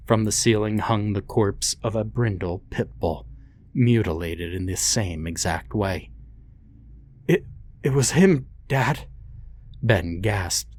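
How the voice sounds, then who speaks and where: A man reading a horror story aloud in a slow, deliberate, grim way. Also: deep voice, a little mellow. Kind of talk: scripted horror narration.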